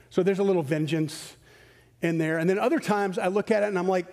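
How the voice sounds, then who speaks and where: Middle-aged male pastor from West Michigan, sermon, high-pitched, long church-hall reverb. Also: brisk. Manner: animated, rhetorical questions, swings between loud emphasis and quiet asides.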